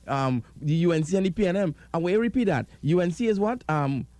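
Trinidadian male radio host, animated pitch, dry close mic, playful banter. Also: fast, dry recording. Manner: laughs often, playful banter. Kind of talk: casual radio call-in chat.

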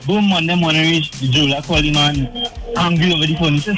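Fast-talking male radio caller. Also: fairly high pitch. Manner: fast, animated storytelling. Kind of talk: telling a joke. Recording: phone call on air with music.

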